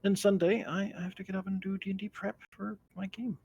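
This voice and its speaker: A tired man with a gravelly, husky voice, chatting in a relaxed way at a slightly raised pitch. His sentences often trail off, and the sound is dry and close. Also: brisk, highs cut off. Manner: relaxed, low-key, trails off. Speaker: player in an online tabletop game. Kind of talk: casual chat.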